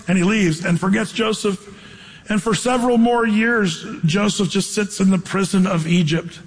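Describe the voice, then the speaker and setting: High husky man preaching in a reverberant hall. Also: moderate pace. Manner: casual, animated retelling with playful asides. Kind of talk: sermon with Bible reading and storytelling.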